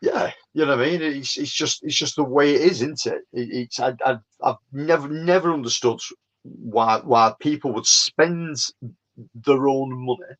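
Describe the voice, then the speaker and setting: A man's voice: medium pitch, normal speed, a bit bright. A man co-hosting a film club podcast, agreeing and chipping in with short repeated phrases. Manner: agreeable, repeats himself, chips in briefly. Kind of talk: casual podcast chat. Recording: dull lo-fi livestream audio.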